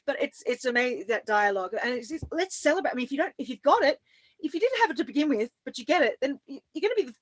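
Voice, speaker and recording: A woman's voice: high voice, very animated, very fast, dry recording. Chatty upbeat woman with a dry close sound. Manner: chatty, upbeat, giggles often. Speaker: podcast co-host. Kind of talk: casual conversation.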